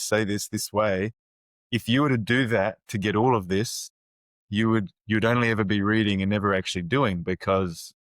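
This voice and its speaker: A man's voice: lowish voice, dry recording. A man hosting a podcast interview, talking things through in a thoughtful way and summing up what his guest says. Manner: thoughtful, summarizing the guest's points. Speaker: podcast host. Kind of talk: conversational interview.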